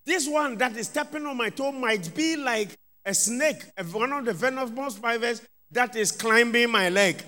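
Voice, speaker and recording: A man's voice: very high-pitched, normal speed, hardly any pauses, pushed and bright. A man, a bishop preaching a sermon with emphatic call-outs of hallelujah and amen. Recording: long reverb of a large hall.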